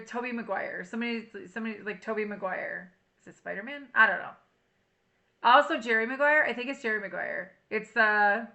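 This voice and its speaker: A woman's voice: a little high, vocal fry, bright, forceful tone. A woman doing a casual tarot reading to camera, chatty and emotional, reading song lyrics aloud. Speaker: tarot reader.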